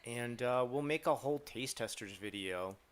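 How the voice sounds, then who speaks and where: A man's voice: medium pitch, moderate pace, slight background noise. A man chatting casually on a live stream, rambling and joking with lots of fillers as he answers his chat.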